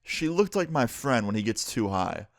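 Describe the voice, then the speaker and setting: A man's voice: mid-range voice, big pitch swings, moderate pace, no echo, studio quality. A young man telling a story in a vlog, talking casually and swearing freely. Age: young adult.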